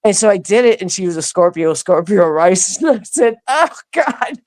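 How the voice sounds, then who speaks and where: A woman telling a personal story as an interview guest, animated, acting out other people's lines and laughing often. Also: lowish voice, a little fast. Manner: animated, acts out quoted voices, laughs often. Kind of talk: casual storytelling.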